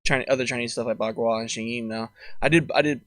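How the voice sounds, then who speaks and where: A man with a mid-range voice talks casually as a podcast guest. He is a martial arts teacher, relaxed, with fillers and restarts. The recording is close and dry. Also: medium pitch, fast, no echo. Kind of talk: casual interview answers.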